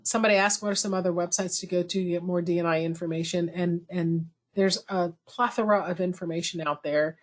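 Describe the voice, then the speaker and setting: A woman hosting a webinar over a video call, talking in a chatty, lively way with self-deprecating asides. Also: fairly low pitch, fairly quick, few pauses. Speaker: webinar host. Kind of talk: conversational webinar talk.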